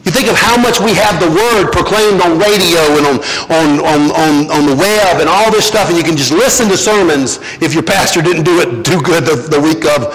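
A man's voice: a little high, normal speed, few pauses, fairly bright tone. A man preaching a sermon in a church as pastor, earnest, with rhetorical questions and repeated words. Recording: long reverb, faint noise.

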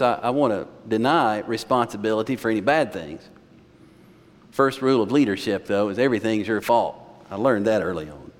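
A male pastor preaching a sermon in a conversational, storytelling manner, recorded in a church sanctuary. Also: medium pitch. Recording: long church reverb.

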